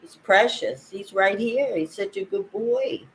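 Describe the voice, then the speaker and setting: An older woman talking casually to camera at home, rambling and halting, with frequent laughs. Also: mid-range voice, slight background noise, poor audio. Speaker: vlogger. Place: at home, indoors.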